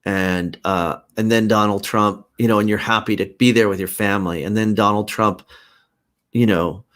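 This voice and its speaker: A man hosting a casual live stream, talking earnestly and haltingly as he thinks aloud. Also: lowish voice, steady tone, a bit bright. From Canada. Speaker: host.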